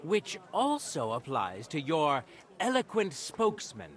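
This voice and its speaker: An actor playing a stern, formal medieval judge in a video game. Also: male voice, fairly high pitch, huge pitch swings, unhurried. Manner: formal, commanding. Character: stern medieval judge, middle-aged man.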